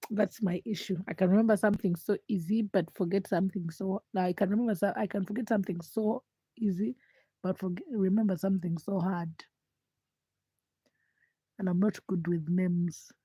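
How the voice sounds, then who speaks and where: Young woman livestream host, hoarse and congested, chatty and teasing, begging viewers to comment; dry close sound. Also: mellow, dry recording. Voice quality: deep, froggy voice. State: hoarse, stuffed nose from a chest infection. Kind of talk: late-night casual livestream chat. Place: her home at night.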